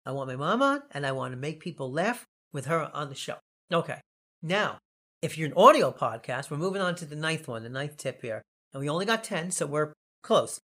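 A man's voice: on the high side, big pitch swings, brisk, pushed and bright. A man with a Long Island New York accent hosting a casual podcast, rambling and jokey. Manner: rambling, jokey, laughs often. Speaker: podcast host.

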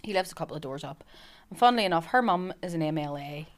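Lively Northern Irish woman telling stories. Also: low-pitched, fast talker. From Belfast, Northern Ireland. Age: young adult. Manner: lively storyteller, swears freely. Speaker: podcast co-host. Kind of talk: casual chat.

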